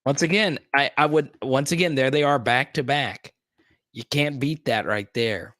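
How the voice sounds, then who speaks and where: A man's voice: medium pitch, moderate pace, fairly bright tone, dry recording, clean studio sound. A man hosting a live stream in casual chat, playful and teasing, with a joking repeated "huh?".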